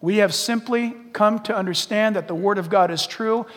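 Casting note: middle-aged man preaching a lively, joking sermon, high voice, long hall reverb. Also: normal speed. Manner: animated, humorous, dropping to hushed asides. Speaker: pastor. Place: church sanctuary.

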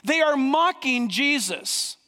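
A pastor preaches with emphatic, dramatic pauses, his voice pitched very high and bright. The sound carries a long reverb from a large hall. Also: lively intonation. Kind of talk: sermon.

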